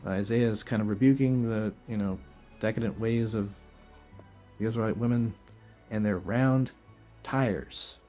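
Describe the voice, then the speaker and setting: Husky man, incredulous commentary. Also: mid-range voice, dark tone. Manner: incredulous, chuckling, rhetorical questions. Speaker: video host. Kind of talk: casual commentary reading verses.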